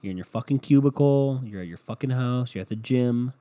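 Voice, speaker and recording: A man's voice: mid-range voice, brisk, dark tone. A comedian with phlegm in his throat, ranting in a profane, rambling way and talking straight to his listeners. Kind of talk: casual comedic rant to the audience.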